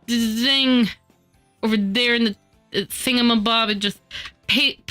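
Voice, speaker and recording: A woman streaming while she models in 3D, scolding her software in exasperated outbursts, her nose stuffy from a cold. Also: fairly high pitch, fairly even intonation, measured pace, faint music behind. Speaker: VTuber streamer. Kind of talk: casual live-stream chatter while 3D modeling.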